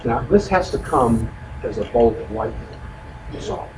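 A man leads a relaxed Bible study, explaining the text in a folksy, chatty way full of asides. He sounds distant from the mic, in an echoey room with steady noise behind him. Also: mid-range voice, moderate pace. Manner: explanatory, folksy, frequent "you know" asides. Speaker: Bible teacher. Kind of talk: conversational Bible study teaching.

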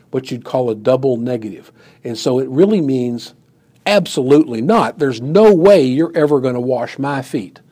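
A man's voice: mid-range voice, dark tone, husky. A man preaching a sermon and teaching a Bible passage in a conversational way, with many "you know"s, who acts out the quoted lines with rising emphasis. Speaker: pastor.

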